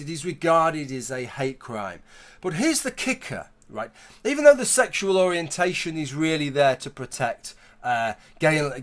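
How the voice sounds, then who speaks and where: A man talks through an opinion commentary in a slightly raised pitch. His manner is conversational but argumentative, and he builds his case through hypothetical scenarios. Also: fairly bright tone. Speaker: YouTube commentator.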